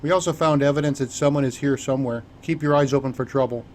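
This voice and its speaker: A man's voice: medium pitch, fairly even intonation, fast talker, slight background noise, close to an everyday voice. Man playing a terse, commanding squad leader. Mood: steady. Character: stoic male leader in armor.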